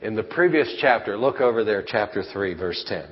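A man's voice: on the low side, lively intonation, moderate pace. A man preaching a sermon as pastor, folksy and conversational, asking his congregation rhetorical questions. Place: church. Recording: lo-fi church hall recording with long reverb.

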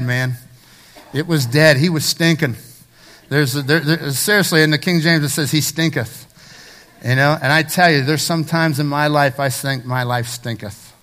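Middle-aged man, pastor giving a sermon, bright higher voice, passionate, speaks straight to the congregation. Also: normal speed. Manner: passionate, swings from loud exclamations to hushed intimate asides; conversational preaching with repeated phrases and direct address to the congregation.

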